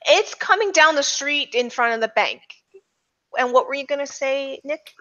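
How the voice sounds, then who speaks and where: A woman's voice: high voice, expressive, moderate pace, a bit bright, muffled recording. A woman narrating a tabletop game as game master, in a loose, filler-heavy way with frequent restarts.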